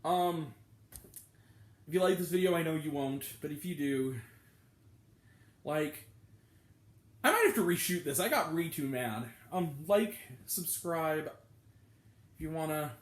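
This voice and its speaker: A man's voice: fairly high pitch, unhurried, long pauses, reverberant. A young man reviewing a film in an exasperated rant, addressing his channel's viewers. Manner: exasperated, ranting. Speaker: movie reviewer. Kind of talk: ranting video review.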